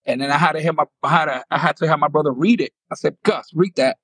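A man's voice: a little high, very fast, husky, no room sound, poor audio. A man in his fifties from the Dominican Republic with a New York accent, a former ballplayer animatedly telling stories in an interview and acting out quotes. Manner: animated storyteller, acts out quotes, laughs often. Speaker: former pro baseball player, guest. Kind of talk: storytelling interview.

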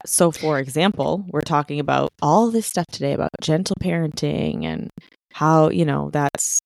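Low-voiced woman explaining, dry sound. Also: big pitch swings, normal speed, creaky, no echo. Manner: explanatory, checks in with "okay?". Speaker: podcast co-host. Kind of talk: casual conversation.

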